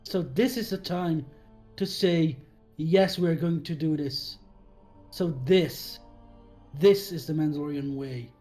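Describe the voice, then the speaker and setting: A defiant male warrior, played by a man, who speaks slowly and deliberately in a mellow, slightly raised voice. His rhetorical appeals sit over faint background music. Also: fairly high pitch. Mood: rousing. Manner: slow, deliberate rhetorical speech.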